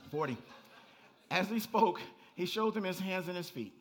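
A man preaching a sermon as pastor, animated and conversational, rising to near-shouts and breaking into laughing asides. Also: on the high side, moderate pace.

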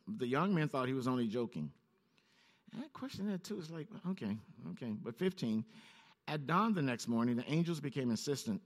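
A man preaching a sermon, reading scripture in a low, steady voice and then rising sharply in pitch as he comments on it. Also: normal speed.

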